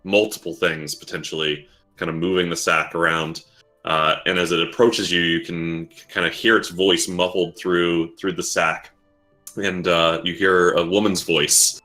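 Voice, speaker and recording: A man narrating a tabletop game as dungeon master, halting with frequent fillers. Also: deep voice, flat delivery, pushed and bright, faint music behind.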